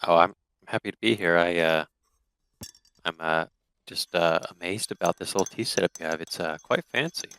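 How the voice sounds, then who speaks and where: Very deep, gravelly-voiced male player. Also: moderate pace, fairly bright tone, a little hiss or hum, rough recording. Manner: stammering, hesitant, polite. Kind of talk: in-character tabletop role-play.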